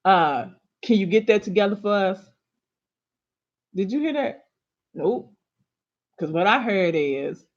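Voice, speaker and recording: With lively intonation and a medium pitch at normal speed, a woman offers casual relationship advice to women, scolding them in a sassy, emphatic, colloquial way. She hosts a relationship and astrology advice show, and the recording is dull lo-fi.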